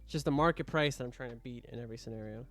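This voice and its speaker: A man's voice: mid-range voice, rapid-fire. A young man casually commenting while streaming a game, joking and mock-scolding the customers, with faint music behind him.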